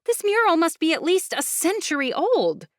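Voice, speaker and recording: A woman voicing an eager, curious young woman who asks questions in a raised, excited voice. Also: very high voice, normal speed, dry recording, clean studio sound, pitched above the performer's own voice.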